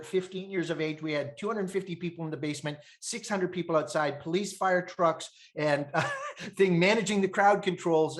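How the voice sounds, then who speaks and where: A man in his fifties from Canada, a podcast guest telling animated stories, laughing often and acting out the voices of people he quotes. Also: sits high. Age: 50s. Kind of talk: animated storytelling.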